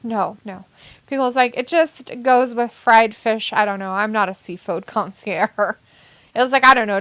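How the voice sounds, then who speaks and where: A woman's voice: medium pitch, fairly bright tone, no echo. A woman hosting a casual watch-along stream, reading chat messages aloud and laughing often. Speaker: stream host.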